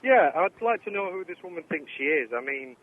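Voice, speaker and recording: A man's voice: high-pitched, animated, fairly quick. A man from England with a Yorkshire accent, calling into a radio show, blunt and indignant. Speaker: caller. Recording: tinny phone line with faint noise.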